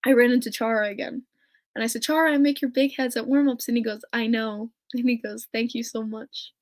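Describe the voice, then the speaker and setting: Woman host, solo podcast, a touch high-pitched, giddy and gushing, laughs a lot. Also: fairly quick. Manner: gushing, excitable, laughs often. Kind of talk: casual solo podcast chat.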